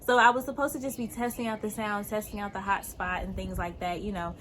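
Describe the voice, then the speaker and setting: A woman hosting her show, chatting casually to camera in an excitable way, laughing and addressing her viewers as "y'all.". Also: mid-range voice, fairly quick, a little hiss or hum. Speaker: host.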